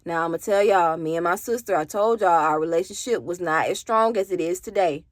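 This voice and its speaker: A woman from Alabama tells an emotional personal story on camera, raw and candid, cursing and speaking straight to her viewers. Her lowish voice moves a little fast, and there is no room sound.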